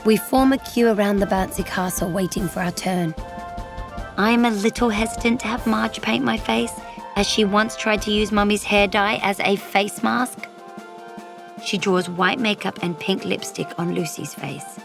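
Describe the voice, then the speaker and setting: A woman reading a children's storybook aloud, gently and expressively in a child's voice of narration. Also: mid-range voice, fairly even intonation, normal speed, vocal fry, music in the background.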